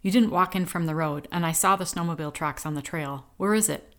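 A woman voicing a tough rural man in an audiobook, speaking curtly and forcefully. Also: on the low side, brisk, lightly acted. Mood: angry. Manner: curt, forceful.

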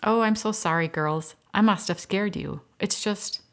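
A woman voicing a gentle young woman caring for twin girls, coaxing and warm with them. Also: mid-range voice, unhurried, voice pushed up, close to an everyday voice.

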